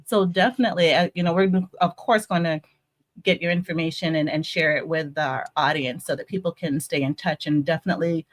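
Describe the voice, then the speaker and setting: A woman's voice: low voice, fairly even intonation, a little fast. A woman hosting a podcast, affirming her guest and laughing often in casual chat. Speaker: podcast host.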